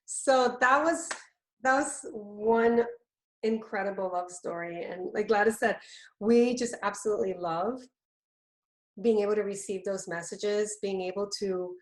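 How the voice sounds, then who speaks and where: A woman's voice: medium pitch, measured pace. Upbeat woman host in an echoey room. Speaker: host, love coach. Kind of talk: live webinar hosting.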